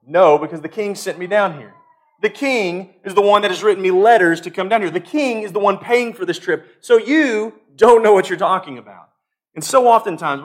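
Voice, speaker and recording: A man preaching a sermon, earnest and emphatic, swinging from loud peaks to quiet stretches and often repeating and restarting his phrases. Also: high voice.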